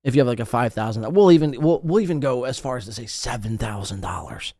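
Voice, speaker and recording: A man's voice: mid-range voice, lively intonation, quick pace, mellow, no room sound, studio quality. A man hosting a podcast, ranting with profane, incredulous reaction commentary. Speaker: podcast host.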